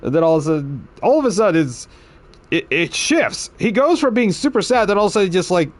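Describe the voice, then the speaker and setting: A male game streamer talking casually, his voice fairly high for a man and bouncing widely in pitch. He rambles and chuckles as he tells stories to his chat. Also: brisk. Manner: rambling, chuckling, animated storytelling.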